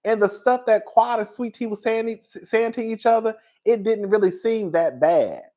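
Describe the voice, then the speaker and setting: A man's voice: sits high, normal speed. Gossipy man recapping reality TV. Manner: animated, gossipy, laughs a lot. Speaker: host. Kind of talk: casual reality TV commentary.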